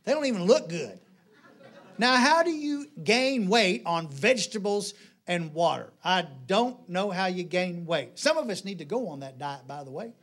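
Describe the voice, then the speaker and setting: A middle-aged man preaching a sermon in a church, folksy and joking, telling stories with animated delivery. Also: high-pitched, normal speed. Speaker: pastor. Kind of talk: sermon with jokes.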